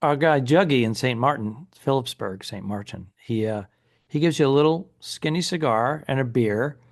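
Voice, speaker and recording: A man's voice: mid-range voice, normal speed, creaky. A man with a New England accent, co-hosting a comedy podcast in casual chat and acting out quoted people in little voices. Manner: talks in bursts, restarts mid-sentence. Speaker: podcast co-host.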